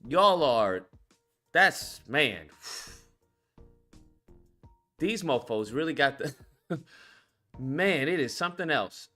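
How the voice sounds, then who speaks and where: A man's voice: on the high side, animated, takes it slowly, long pauses, pushed and bright, soft background music. A man hosting a call-in commentary stream, ranting bluntly and swearing heavily. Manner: profane, blunt, exasperated ranting. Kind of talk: casual political commentary.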